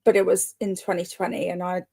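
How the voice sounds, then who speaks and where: A woman's voice: lowish voice, little pitch movement, quick pace, gravelly, mellow, husky. A woman hosting a live reading sprint, chatting casually and greeting commenters by name, often laughing. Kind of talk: casual live-stream chat.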